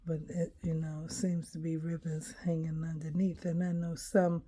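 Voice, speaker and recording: A woman quietly talking herself through a coloring page, thinking aloud and often dropping to a whisper. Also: low-pitched, little pitch movement. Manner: unhurried and hesitant, thinking aloud. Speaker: coloring video creator. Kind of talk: casual narration while coloring.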